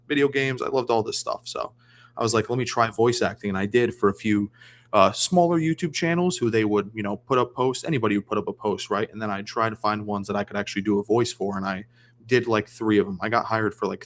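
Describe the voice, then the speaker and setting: A man chatting casually as a guest on a livestream, rambling with many restarts. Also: fairly low pitch. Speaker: guest streamer.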